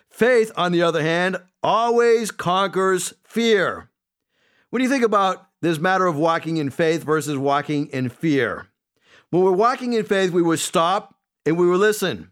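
A man's voice: sits high, fairly bright tone. A pastor preaching a sermon, working through numbered points and voicing the people he quotes.

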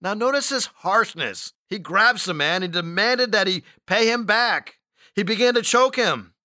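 Man, pastor, sermon, high bright voice, dry close sound. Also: expressive, measured pace, dry recording. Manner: conversational preaching, folksy asides.

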